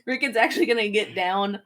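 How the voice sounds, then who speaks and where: A woman narrates her character's moves in a tabletop game in a relaxed way. She speaks at an unhurried pace with an ordinary mid pitch. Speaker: player. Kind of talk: describing her character's actions.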